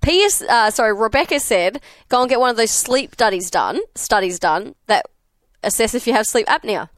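Lively high-pitched radio woman. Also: normal speed, no room sound, studio quality. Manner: giggly, animated chatter. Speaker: radio co-host. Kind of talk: casual radio banter.

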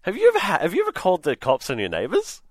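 A man with an Australian accent hosting a radio show in a chatty, animated way. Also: sits high, racing, dry recording, clean studio sound, faint music behind. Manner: chatty, animated, acts out quotes. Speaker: radio host. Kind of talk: casual radio chat. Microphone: studio microphone.

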